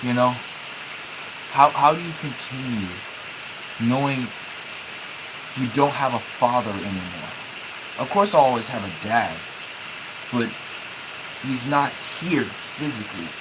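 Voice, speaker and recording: A young man livestreaming, speaking haltingly as he holds back tears, with many restarts and repeated words. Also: medium pitch, lively intonation, noisy background. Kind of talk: emotional livestream talk.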